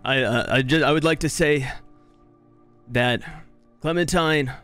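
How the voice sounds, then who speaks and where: A man leading a joking funeral, speaking in a halting, mock-solemn way with restarts. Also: fairly high pitch, a bit bright, smooth, soft background music. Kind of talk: playful mock-solemn speech.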